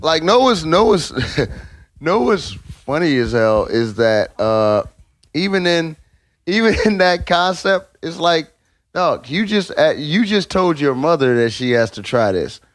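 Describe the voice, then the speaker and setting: A middle-aged man talks as a guest comedian on a podcast, his pitch rising and falling widely. He is emphatic and profane. The sound is dry and close. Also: sing-song, slow, no room sound. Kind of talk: casual podcast chat.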